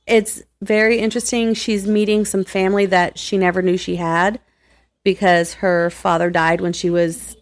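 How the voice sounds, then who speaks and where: Loud woman co-host, mid-pitched voice, laughs a lot, halting casual delivery. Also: little pitch movement. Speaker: podcast co-host. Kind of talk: casual chat.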